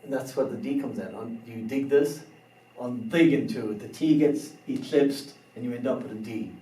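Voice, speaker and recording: A man teaching a beginner language lesson, slow and careful, spelling out words letter by letter. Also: mid-range voice, warm tone. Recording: roomy echo, somewhat far from the mic.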